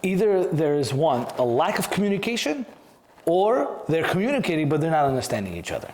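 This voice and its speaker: A man's voice: on the high side, wildly swooping pitch, brisk, a little mellow, reverberant. A man in his thirties co-hosting a casual podcast, speaking in a personal, hesitant way with frequent restarts. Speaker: podcast co-host.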